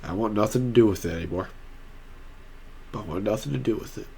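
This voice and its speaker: A man's voice: lowish voice, a little fast, creaky, mellow, a little hiss or hum. Rambling young man venting to camera. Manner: rambling, emotional, restarts often; earnest and heartfelt. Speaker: vlogger. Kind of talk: personal vlog to camera.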